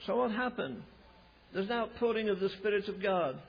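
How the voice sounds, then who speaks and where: A man preaching a sermon, telling a revival story and acting out the voices of the people in it, building to loud, emphatic climaxes. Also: sits high, lively intonation, normal speed, vocal fry, husky. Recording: dull lo-fi recording.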